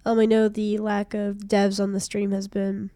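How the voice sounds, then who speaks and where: A young woman with a cold, her voice hoarse and stuffy, chatting casually and self-deprecatingly while streaming a game from a small room. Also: medium pitch, completely flat delivery, moderate pace, mellow, no echo. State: congested from a cold.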